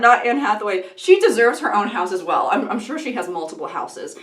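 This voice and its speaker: A woman's voice: medium pitch, big pitch swings, a little fast, hardly any pauses, fairly bright tone. A young woman vlogging in casual, rambling commentary, often breaking off into tangents and giggling. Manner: rambling, self-interrupting, giggly. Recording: echoey room.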